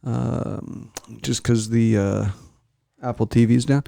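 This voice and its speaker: A man's voice: mid-range voice, steady tone, slow pace, gravelly, no echo, studio quality. A man co-hosting a casual podcast, rambling and joking as he reads out listener locations. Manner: rambling, jokey, reads listener shout-outs. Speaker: podcast co-host.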